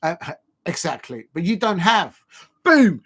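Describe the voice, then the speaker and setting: A man's voice: high-pitched, sing-song, slow, a bit bright, husky. A man hosting a live fan stream, talking in mocking banter and breaking into chants and jeering noises. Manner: mocking, banter-heavy, chants and sings snippets. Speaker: fan channel host.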